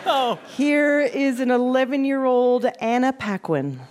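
A woman's voice: high voice, measured pace, a little mellow. Playful woman quiz host. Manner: playful, joking. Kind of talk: hosting a quiz game.

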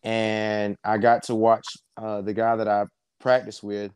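A young man from South Georgia, a wrestling coach telling stories in a relaxed way, full of ums. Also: on the low side, measured pace, clear, resonant tone, no echo. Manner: relaxed storyteller, many fillers. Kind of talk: casual interview chat.

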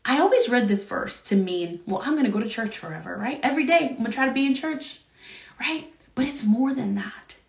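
Woman Bible study teacher, fervent preacherly delivery with lots of "right?", high pitch, roomy echo. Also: expressive, a little fast, creaky.

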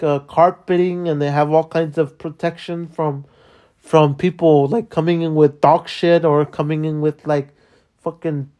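An exasperated podcaster vents in a loose, rambling monologue, peppered with curses and restarts, at a mid-range pitch that sits neither high nor low. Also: warm tone. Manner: profane and rambling, many restarts and fillers; exasperated complaining. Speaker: podcast host. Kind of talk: casual venting monologue.

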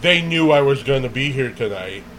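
A man tells a funny story in casual conversation, animated and laughing often as he acts out what people said. His medium-pitched voice moves at a moderate pace, and the rough recording carries a little hiss or hum.

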